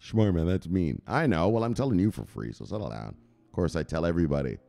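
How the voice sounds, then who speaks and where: A man's voice: deep voice, lively intonation, a little fast, gravelly, mellow, faint music behind. A man hosting a crypto channel, giving a coarse, swearing motivational rant and constantly asking "right?".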